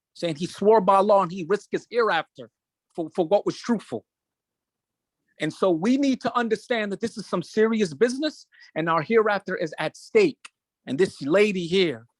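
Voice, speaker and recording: A man with a high voice holds forth as host, emotional and insistent. He hammers points home by repeating phrases in a preaching rhythm. The recording is dry, with no room sound. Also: no echo. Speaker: show host. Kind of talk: impassioned commentary.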